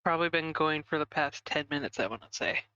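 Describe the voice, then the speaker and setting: A man's voice: fairly high pitch, lively intonation, fast talker, sharp tone, smooth, no room sound, highs cut off. A man chatting casually on a live stream, rambling and giggling as he snacks. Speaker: streamer co-host.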